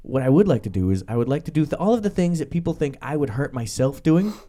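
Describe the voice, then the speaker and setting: A man's voice: on the high side, very animated, fast talker, warm tone. A man co-hosting a casual podcast, rambling and joking, slipping into silly voices. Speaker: podcast co-host.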